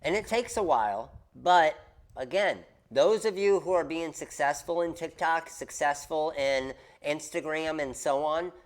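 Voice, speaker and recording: Speaking a little slowly in a fairly high voice, a man hosts a casual craft business livestream, where he coaches viewers with animated emphasis and keeps repeating his main points.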